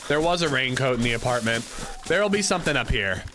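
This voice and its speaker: Male streamer, young adult, easygoing chatter, mid-pitched voice, noisy audio. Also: quick pace. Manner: relaxed, chatty, reads chat aloud. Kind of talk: casual gameplay chat with viewers.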